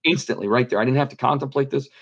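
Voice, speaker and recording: A man's voice: medium pitch, rapid-fire, breathy edge, highs cut off. A middle-aged man earnestly telling a personal story as an interview guest, repeating phrases for emphasis. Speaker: guest telling his near-death story.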